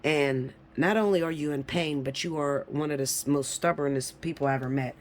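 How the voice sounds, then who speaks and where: A woman reading tarot cards to her viewers in a casual, blunt way. She swears freely and teases her audience, dropping to low mutters and then rising to loud, high-pitched bursts. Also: a little fast, a little hiss or hum. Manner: blunt, profane and teasing, breaks into laughs; lively, swinging from low mutters to high shouts. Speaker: tarot reader.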